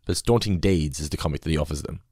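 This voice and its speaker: A man's voice: extremely low pitch, very fast, darkish tone, dry recording, studio quality. A man co-hosting a casual episode-review podcast, recapping scenes and acting out quoted lines. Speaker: podcast co-host.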